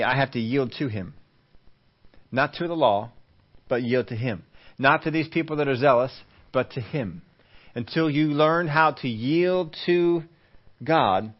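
A man's voice: medium pitch, lo-fi sound. A man preaching a Bible-teaching sermon in a conversational style, often putting questions to the congregation. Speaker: pastor.

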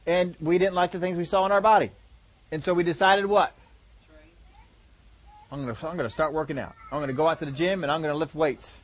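A man's voice: sits high, fairly bright tone. A man preaching a folksy, conversational sermon, acting out examples with groans and laughter.

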